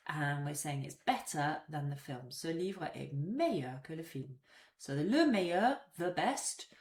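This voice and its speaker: A woman teaching a French grammar lesson, patiently repeating each example slowly. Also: fairly low pitch. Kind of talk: explanatory language lesson. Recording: roomy echo.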